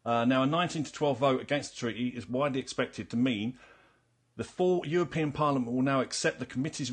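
Husky man hosting a chatty panel. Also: medium pitch, a bit bright. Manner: chatty, teasing, restarts sentences. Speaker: podcast host. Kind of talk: casual panel chat.

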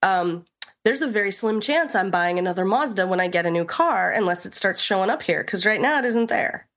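An American woman, congested from a cold, chatting on a tech podcast as co-host in a relaxed, wry way. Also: medium pitch, a little fast. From United States. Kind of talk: casual tech podcast chat.

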